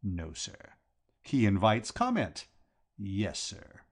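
A man reading as a grave, quiet valet. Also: fairly low pitch, wildly swooping pitch, slow pace, breathy edge, heavily acted. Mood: deferential. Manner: formal, quiet, understated replies. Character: grave, deferential male valet, middle-aged.

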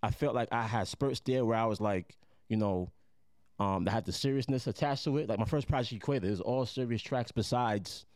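A man's voice: medium pitch, a little fast, a little mellow, no room sound, studio quality. A man from Jamaica, a guest musician, talking casually and at length on a podcast, with a laid-back, rambling manner. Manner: laid-back, rambling, fond of "you know what I'm saying".

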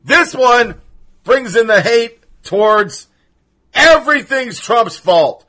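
A man's voice: very high voice, expressive, takes it slowly, pushed and bright. A man hosting a podcast, ranting through political commentary in a sarcastic, profane and mocking way. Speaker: podcast host.

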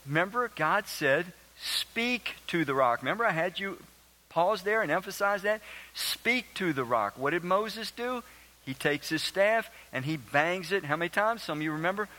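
A man's voice: sits high, animated, moderate pace, sharp tone, rough recording. A man preaching a sermon, reading scripture aloud and earnestly quizzing his congregation. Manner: asks the congregation questions; emphatic and earnest.

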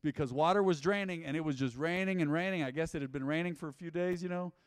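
A man's voice: a little high, quick pace, smooth, no room sound, studio quality, long reverb tail. A man preaching a sermon as pastor, emphatic, calling on the congregation to respond. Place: church sanctuary.

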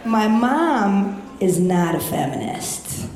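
A young adult woman doing a stand-up comedy set, brash and profane, jumping up to shout her punchlines. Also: mid-range voice, very animated, takes it slowly, very noisy. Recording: echoey live club.

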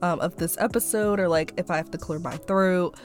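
Young woman, podcast host, slightly stuffy-nosed, rambling chat, lowish voice, faint music behind. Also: fairly quick. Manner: rambling, chatty, many fillers like "um" and "like". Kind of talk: casual personal podcast monologue.

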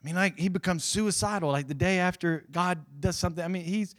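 A middle-aged pastor recounts a Bible story in his sermon at a brisk pace, alternating forceful, loud moments with hushed asides. He preaches to a live audience gathered in a church hall.

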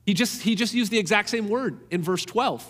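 Emphatic high-voiced preacher in a hall. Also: male voice, a little fast, a bit bright. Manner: earnest, emphatic, repeats phrases for stress. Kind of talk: sermon.

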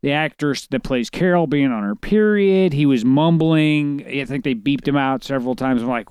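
A man's voice: medium pitch, moderate pace, hardly any pauses, darkish tone, clean tone, no echo, clean studio sound. A man co-hosting a casual chat show, joking crudely and reading news stories aloud. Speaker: podcast co-host.

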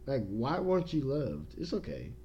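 A young man cracks crude jokes as he hosts a casual podcast, his pitch jumping all over the place. The sound is a little dull, with a faint hiss behind him. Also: wildly swooping pitch, moderate pace. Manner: profane, joking, loud bursts of laughter. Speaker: podcast host.

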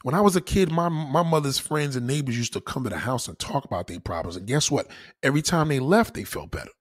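A man's voice: medium pitch, lively intonation, fast talker. A man with a New York accent delivering a heated, profane, preachy rant.

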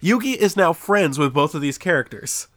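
A man's voice: a little high, lively intonation, moderate pace, a bit bright, dry recording. A young man hosting a podcast, rambling and sarcastic with casual swearing. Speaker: podcast host. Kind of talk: casual chat.

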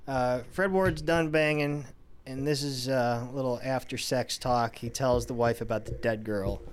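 A man's voice: mid-range voice, steady tone, moderate pace, smooth. A man co-hosting a casual movie podcast, recapping scenes step by step in a laid-back way. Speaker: podcast co-host. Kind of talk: casual movie review chat.

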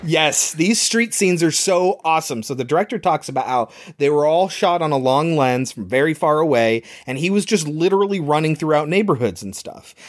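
A man's voice: a little high, animated, normal speed, hardly any pauses. A man co-hosting a casual podcast, animatedly retelling a film's scenes and laughing often. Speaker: podcast co-host. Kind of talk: casual movie recap chat.

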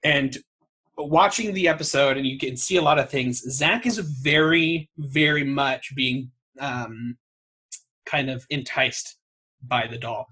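A man's voice: medium pitch, slow, sharp tone, slightly rough. A man co-hosting a casual chat show, telling a story in a wry way, swearing freely and laughing at himself. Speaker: podcast co-host.

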